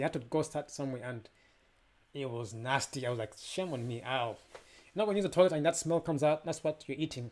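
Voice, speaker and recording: A man's voice: mid-range voice, a little mellow. A young adult man giving a personal testimony as a motivational speaker, telling his story with animation and acting out the voices of people he quotes.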